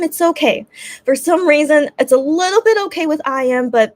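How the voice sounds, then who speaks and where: A woman's voice: high voice, no room sound. A young woman hosting a casual livestream chat. She hesitates and restarts often and sounds close to tears. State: teary, on the verge of crying. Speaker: livestream host.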